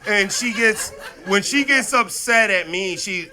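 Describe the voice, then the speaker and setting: A man in his thirties doing a profane stand-up comedy set, swinging between loud outbursts and low, muttered asides. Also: moderate pace. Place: comedy stage before a live audience.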